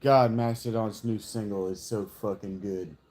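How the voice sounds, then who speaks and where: A man's voice: fairly low pitch, fairly even intonation, unhurried, a little mellow. A man casually reacting to a song, musing aloud as he picks apart its lyrics, with the odd swear.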